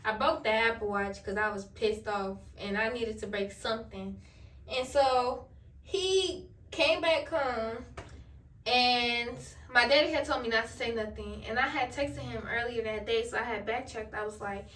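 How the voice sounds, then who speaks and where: A woman's voice: on the high side, a little slow, a bit bright, far from the mic. A young woman vlogger, telling a candid storytime full of slang and swearing while she does her hair. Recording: echoey room, voice a bit off-mic.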